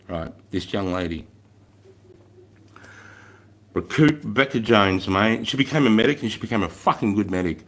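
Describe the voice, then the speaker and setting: A man's voice: medium pitch, expressive, moderate pace, pauses often. An Australian man, a former army corporal, telling a story in a blunt, heavily profane, emphatic way. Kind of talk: casual storytelling.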